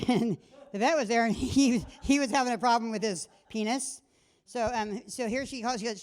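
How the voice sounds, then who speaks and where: A woman's voice: on the high side, moderate pace, a little mellow. A middle-aged woman doing a stand-up set in a comedy club, rambling and crude, breaking off mid-sentence and laughing at her own jokes. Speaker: stand-up comic.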